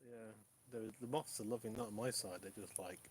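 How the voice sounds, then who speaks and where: Man, mixed northern and southern English accent, lowish voice, chatty, faint outdoor hiss. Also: steady tone, a little fast, darkish tone. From England. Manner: chatty, reads viewer comments aloud. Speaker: live stream host. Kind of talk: casual live chat. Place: woodland camp outdoors at night.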